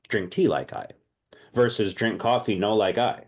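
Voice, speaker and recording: A man leading an online language class, lively and thinking aloud, often repeating himself. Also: fairly low pitch, moderate pace. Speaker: language teacher.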